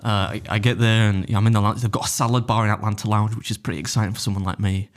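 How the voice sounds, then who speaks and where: A man's voice: on the low side, level tone, racing. A man telling a story in casual podcast chat, rambling and self-deprecating, with plenty of swearing. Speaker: podcast guest, food challenge YouTuber.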